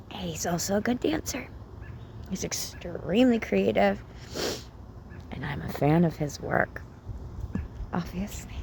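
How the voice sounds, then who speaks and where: She has a creaky, mid-range voice, with slight background noise. As a spiritual content creator filming outdoors, she gives an intimate, emotional talk to camera, frequently dropping to a whisper.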